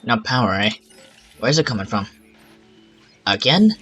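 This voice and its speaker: A man's voice: medium pitch, animated, measured pace, pushed and bright, breathy edge, faint music behind. A man giving rambling casual commentary while playing a park-building game, with exasperated asides. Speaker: gaming channel host. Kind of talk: casual let's-play commentary.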